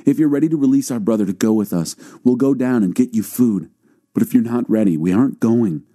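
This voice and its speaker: A man's voice: mid-range voice, fairly quick, dark tone, natural voice. A man reading the lines of an earnest grown brother who pleads urgently with his father.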